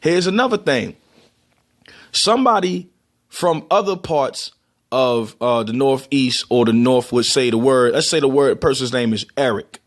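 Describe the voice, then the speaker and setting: A man's voice: mid-range voice, expressive, measured pace. A man from Baltimore with a Baltimore accent, casually explaining and demonstrating how words are pronounced, with loose restarts. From Baltimore, USA. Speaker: vlogger.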